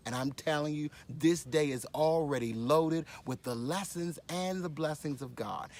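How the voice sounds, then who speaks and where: A man hosting a daily devotional as a pastor, speaking on location at a conference with exuberant energy, repeating phrases and leading affirmations. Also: mid-range voice. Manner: exuberant, repeats phrases for emphasis, leads call-and-response affirmations. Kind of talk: upbeat devotional message.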